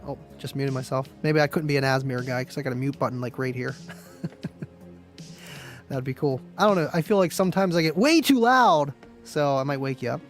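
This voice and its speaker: A man's voice: mid-range voice, brisk, faint music behind. A man hosting a live stream, chatting casually with viewers, laid-back and chatty, laughing often and calling people "man" and "dude".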